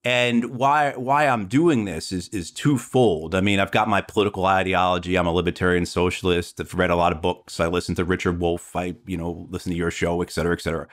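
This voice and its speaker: A man's voice: low-pitched, fairly even intonation, brisk, hardly any pauses. Earnest man with frequent restarts. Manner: earnest, repeats words while building a point. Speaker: political candidate. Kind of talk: conversational interview talk.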